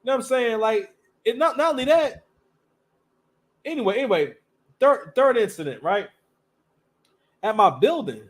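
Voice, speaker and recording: High-voiced man rambling through stories. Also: animated, moderate pace, pauses often. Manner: loose, rambling, full of restarts and slang. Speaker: live stream host. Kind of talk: casual storytelling monologue.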